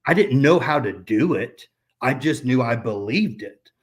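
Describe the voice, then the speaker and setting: A man's voice: mid-range voice, expressive, unhurried, breathy edge. Guy in his 30s rambling through a faith story, lots of ums and restarts, casual podcast chat. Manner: rambling, many fillers and restarts. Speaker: podcast guest.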